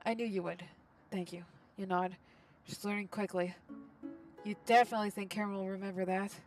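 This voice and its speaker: A woman playing a game and commenting out loud, reacting in an animated, exclamatory way. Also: medium pitch, fairly quick, recorded from a distance, soft background music. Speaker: game streamer. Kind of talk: let's play commentary.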